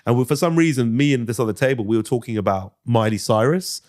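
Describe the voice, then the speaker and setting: A man's voice: mid-range voice, lively intonation, fast talker, darkish tone. A man from Britain in his thirties, a guest on a casual podcast interview, telling stories animatedly, swearing freely and slipping into impressions. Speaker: guest actor and comedian.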